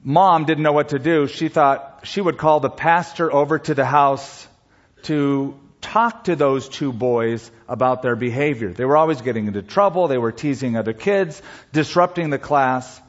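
A man preaching a sermon as pastor, telling stories in an unhurried way with pauses. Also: mid-range voice. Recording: dull lo-fi recording.

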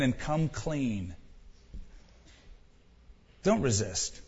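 A man's voice: mid-range voice, expressive, unhurried, husky, big-room sound, lo-fi sound. A man pastor preaching a sermon in a church, urging his listeners directly and emphatically.

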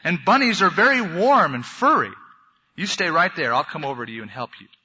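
A man doing an earnest, gentle little bunny. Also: a little high, big pitch swings, fairly quick, breathy edge, in a large hall, voice pushed up, heavily acted. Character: kind, lonely young male bunny, selfless. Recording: dull lo-fi recording.

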